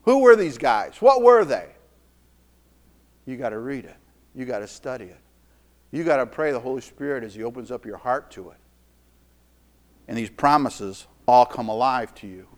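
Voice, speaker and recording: A middle-aged man preaching a sermon in a folksy, emphatic way, repeating phrases and swinging between loud declarations and quiet asides. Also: medium pitch, sing-song, moderate pace, long pauses.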